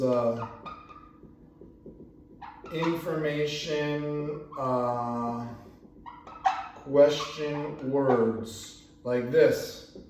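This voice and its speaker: Man, patient grammar teacher, unhurried, very echoey room, faint background noise. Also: mid-range voice, a little mellow. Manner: slow, patient explaining with spelled-out examples. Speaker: English teacher. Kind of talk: grammar lesson. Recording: echoey room, far from the mic.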